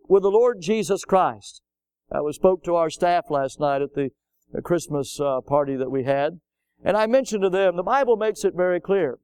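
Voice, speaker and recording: A middle-aged man preaching a sermon as pastor. He talks emphatically, rising to loud peaks, and slips into folksy stories that he tells to the congregation. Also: on the high side, clear, resonant tone, no echo. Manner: folksy storytelling asides.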